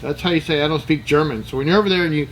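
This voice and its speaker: This American host speaks very fast in a somewhat high, slightly bright voice while he strips down and cleans a gun. He chats casually, thinking aloud, muttering and rambling into jokes as he works; the poor audio has slight background noise.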